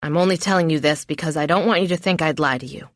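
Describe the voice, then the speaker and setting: A woman voicing a gentle, earnest boyfriend. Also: low voice, fast, no room sound, clean studio sound, voice pushed down, close to an everyday voice. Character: protective, gentle male lover, sincere. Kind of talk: audiobook narration.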